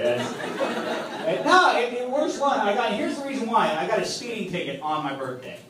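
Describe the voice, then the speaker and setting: A man doing a stand-up comedy set on a club stage, telling stories in a punchy, exasperated way with sudden loud outbursts. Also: high voice, very animated, normal speed, crowd noise. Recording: echoey club room from a distance. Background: audience laughter and club ambience.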